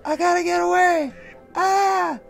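A man's voice: steady tone, a little slow, creaky, a bit bright, faint music behind, heavily acted. A man voicing a frightened little duck that is about to be eaten, crying out in a frantic, squealing voice. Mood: panicked. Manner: frantic high squealing cries.

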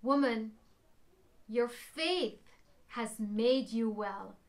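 A woman doing Jesus, slow and kind. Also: on the high side, pitched below the performer's own voice. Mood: gentle. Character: Jesus, a kind, calm man.

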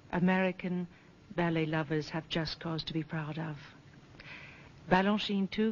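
A woman giving scripted documentary narration in a poised, measured and formal manner. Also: fairly low pitch, slight background noise. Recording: dull lo-fi 1970s film sound.

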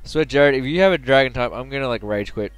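A man's voice: mid-range voice, quick pace, clear, resonant tone, dry recording, faint music behind. A man giving casual, joking let's play commentary, chatty and muttering to himself.

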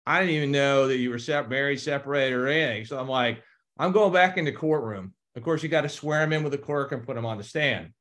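An attorney in his fifties, appearing as a guest, tells casual anecdotes about the courtroom, chuckling often and acting out quoted dialogue. He has a mid-range, fairly bright voice and talks at a quick pace.

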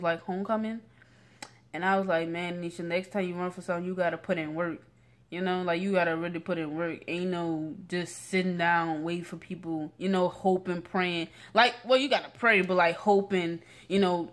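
A teenage girl talks straight into her phone camera in a loose, rambling rant. Her talk is full of slang, restarts and fillers, sitting at home late at night. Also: lowish voice. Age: late teens. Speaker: vlogger.

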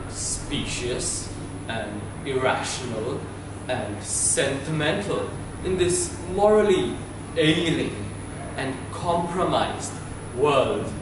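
A teenage boy delivering a formal stage speech in a slow, measured way. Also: a little high. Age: teens. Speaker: drama student. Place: school hall. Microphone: far camera. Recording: very echoey hall, far from mic, noisy.

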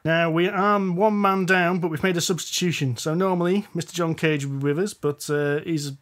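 A man's voice: fairly high pitch, fairly even intonation, moderate pace, fairly bright tone. A man with a Northern English accent hosting a board game podcast, chatty and rambling, often laughing. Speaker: podcast host. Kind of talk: casual chat.

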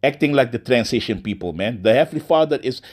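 A man giving an informal sermon, ending nearly every phrase with "man", restarting often and reading Bible verses slowly. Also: medium pitch, lively intonation.

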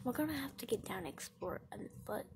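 Bubbly, lively high-voiced young woman vlogger. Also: brisk, a little hiss or hum. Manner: playful, bursts of whispering and squealing. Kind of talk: casual vlog, spying on her cat. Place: home bedroom, indoors.

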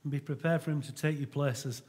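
Middle-aged male preacher, husky and a touch high-pitched, earnest and conversational sermon delivery. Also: brisk, a little mellow. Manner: earnest and conversational, with frequent restarts.

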